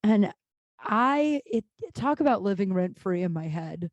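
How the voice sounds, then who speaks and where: A woman's voice: mid-range voice, a little slow, no echo, lo-fi sound. Candid, profane woman podcaster in a dry room. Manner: candid and profane, rambling with restarts, swinging into animated outbursts. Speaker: podcast host. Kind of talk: casual solo podcast monologue.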